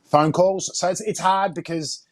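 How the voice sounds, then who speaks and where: A man talking in a candid interview, earnest and emotional, halting with fillers as he opens up. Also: sits high, fairly even intonation, no room sound. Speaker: life and fitness coach, guest.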